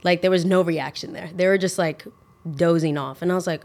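A woman's voice: fairly low pitch, normal speed. A young woman hosting a podcast, telling a casual, ranting storytime with sarcastic asides. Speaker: podcast host.

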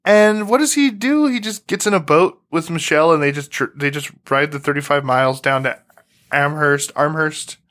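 A man with a fairly high voice, co-hosting a relaxed true-crime podcast. He talks loosely and profanely, with plenty of fillers and false starts. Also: normal speed, no echo, clean studio sound. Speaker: podcast co-host.

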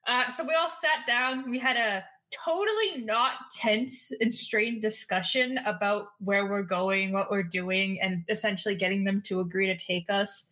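A woman player recapping a tabletop game session in casual chat, giggly and swearing, with quick asides. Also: medium pitch, sharp tone.

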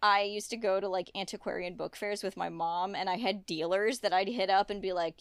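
Brief: talkative woman guest, loose and tangential, smooth dry voice. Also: medium pitch, steady tone, a little fast, no room sound. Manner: rambling, full of fillers and tangents. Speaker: guest artist. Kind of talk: casual interview chat.

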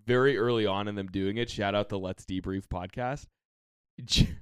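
A man's voice: fairly low pitch, moderate pace, clean tone, no room sound. A man co-hosting a casual podcast at a studio mic, rambling loosely with many fillers. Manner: rambling, filler-heavy, relaxed. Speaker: podcast co-host. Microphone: studio microphone.

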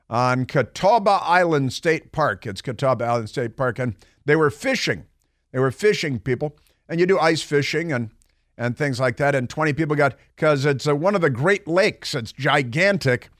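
A man's voice: fairly high pitch, dry recording. A middle-aged man hosting a talk radio show, delivering a sarcastic, mocking monologue in a studio. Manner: sarcastic, mocking, animated storytelling. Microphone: studio microphone.

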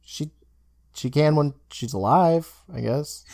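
Speaking slowly with some vocal fry, this young man has a slightly high voice as he co-hosts a podcast. He's an animated storyteller, recapping a TV episode casually and performing the characters' lines. There's no room sound, and the quality is studio grade.

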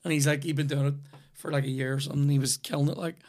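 Rambling Northern Irish comedian host. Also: male voice, a little high, level tone, racing, a little mellow. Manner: rambling, swearing, laughing storyteller. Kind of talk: casual chat.

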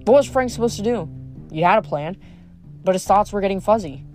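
A reader narrating a novel aloud in a steady, mid-pitched voice, now and then correcting a slipped word. Faint music plays underneath the whole time. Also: fairly quick. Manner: even, steady narration with small slips. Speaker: audiobook reader.

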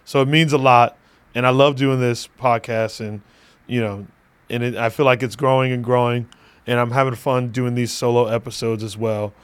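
A man's voice: medium pitch, steady tone, moderate pace, clean tone. A man hosting a podcast in loose, joking chat, laughing often and swearing freely. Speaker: podcast host.

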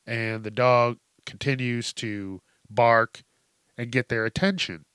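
A man's voice: mid-range voice, fairly even intonation, slow, a bit bright, clean tone, no room sound, clean studio sound. A man hosting a casual news-commentary show, telling stories in a rambling, profane, laid-back way. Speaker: podcast host.

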